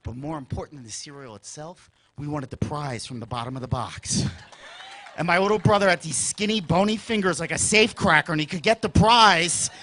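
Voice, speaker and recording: A young man performing a stand-up comedy set on a club stage, telling his bits with lots of energy and yelling out the funny parts. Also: fairly high pitch, a little fast. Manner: animated, yelling bits and voicing his brothers and mom.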